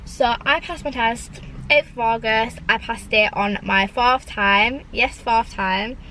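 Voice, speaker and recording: A woman's voice: mid-range voice, a bit bright, slight background noise, poor audio. A young woman chatting casually in her parked car, rambling with lots of "like"s. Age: young adult. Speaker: vlogger. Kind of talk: casual chat.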